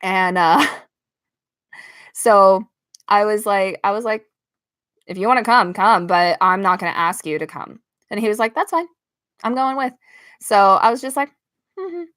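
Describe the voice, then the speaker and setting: A young American woman from Las Vegas, a live-stream host, tells a story to her chat from her bedroom, using her own desk microphone. Her mid-range, slightly bright voice moves at a measured pace with frequent pauses, and she laughs often while acting out other people's lines. The sound is clean and studio-like, with no room noise.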